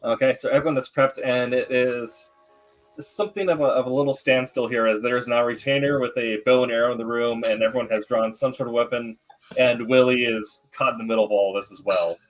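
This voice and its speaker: Game master guy narrating the scene, even steady voice, faint music behind. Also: medium pitch, a little fast, rough recording.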